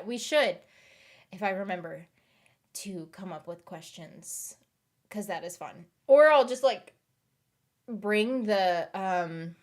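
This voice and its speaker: A woman in her thirties chatting casually with her stream viewers late at night, giggly and rambling, laughing often and trailing off, tired. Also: on the low side. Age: 30s.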